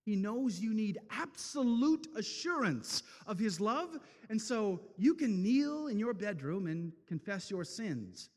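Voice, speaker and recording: A man preaching an impassioned sermon, swinging from loud declarations to hushed, slow passages. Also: sits high, sing-song, big-room sound. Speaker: speaker at a men's event.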